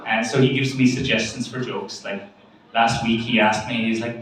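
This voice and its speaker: An Irish man in his thirties doing an open mic stand-up set, sweary and self-mocking, with quick asides to the crowd. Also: mid-range voice, a bit bright. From Ireland. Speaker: stand-up comedian. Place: comedy club stage. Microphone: handheld mic, recorded by a far camera. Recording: echoey club from far off, audience noise.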